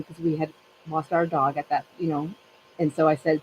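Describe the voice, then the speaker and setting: A woman's voice: sits low, little pitch movement, normal speed, dull audio, slight background noise. A middle-aged woman hosting a casual chat with friends, telling a rambling story and laughing often. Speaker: channel host.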